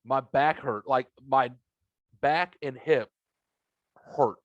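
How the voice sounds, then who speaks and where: A man's voice: medium pitch, slow pace, no echo, highs cut off. A man hosting a podcast, telling a rambling, profane story and acting out both sides of the conversations himself. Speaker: podcast host. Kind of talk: casual chat. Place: home basement room.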